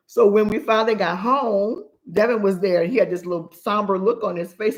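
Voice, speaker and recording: Woman cohost telling funny family stories, animated, laughs a lot. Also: mid-range voice, moderate pace, hardly any pauses. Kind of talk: casual storytelling.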